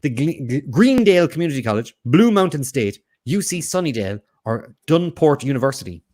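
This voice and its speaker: A man's voice: fairly high pitch, very animated, a little fast, darkish tone. A man hosting a casual quiz, reading out questions and answer options and riffing on them with jokes. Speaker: quiz host.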